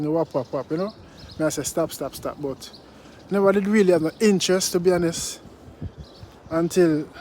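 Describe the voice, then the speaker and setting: A man's voice: fairly high pitch, a little mellow, a little hiss or hum. A man with a Jamaican accent talking to his viewers in an indignant, preachy way, mixing in patois. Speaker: vlogger and song reviewer. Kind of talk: casual commentary to camera.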